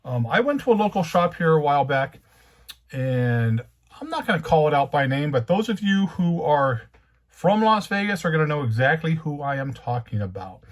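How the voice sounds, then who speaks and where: A man's voice: on the high side, big pitch swings, normal speed. A man hosting his own comic book channel, talking casually and rambling, growing heated as he rants. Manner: conversational, rambling, heated when ranting. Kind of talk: casual monologue.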